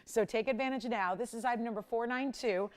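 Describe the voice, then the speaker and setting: A woman hosting a live jewelry shopping show, giving a chatty, enthusiastic sales pitch and greeting callers by name. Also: brisk. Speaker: shopping channel host.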